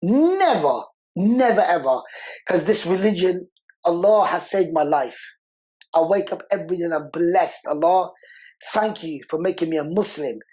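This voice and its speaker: A man's voice: high-pitched, normal speed, a little mellow, husky, poor audio. A man speaks earnestly as a podcast guest. He talks with raw, passionate conviction and hammers his points home by saying them again and again. His delivery feels heartfelt and conversational rather than rehearsed. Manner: passionate, repeats words for emphasis. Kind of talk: emotional interview conversation.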